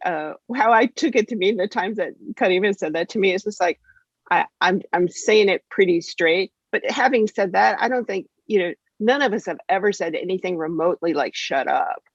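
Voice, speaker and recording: A woman guest on a podcast explains her point carefully. Her voice is husky. The remote line sounds dull and dry. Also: medium pitch, brisk, no room sound. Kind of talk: casual conversation.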